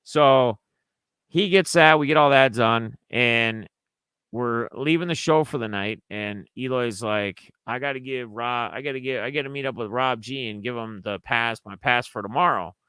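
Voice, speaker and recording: Bright, clear-voiced man telling a story. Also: mid-range voice, normal speed, dry recording. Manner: rambling, acts out friends' lines in raised voices. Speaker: sports card collector vlogger. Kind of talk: casual storytelling recap.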